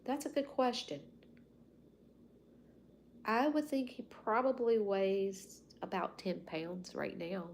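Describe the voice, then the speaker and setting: A woman's voice: medium pitch, steady tone, takes it slowly, long pauses, slight background noise. A Southern US woman in her fifties rambling folksily as she hosts a casual livestream chat from home. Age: 50s. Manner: rambling and folksy, with soft asides. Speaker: livestream host. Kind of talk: casual chat with live viewers.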